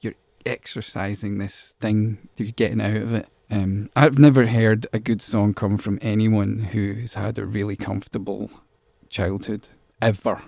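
A man's voice: on the low side, flat delivery, moderate pace, vocal fry, a little mellow, no room sound. A man being interviewed as a musician, talking casually and rambling, repeating words as he thinks. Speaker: musician guest.

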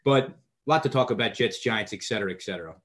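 A young man co-hosting a casual sports podcast, talking in a relaxed, conversational way with frequent fillers. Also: lowish voice, fast. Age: young adult. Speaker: podcast co-host.

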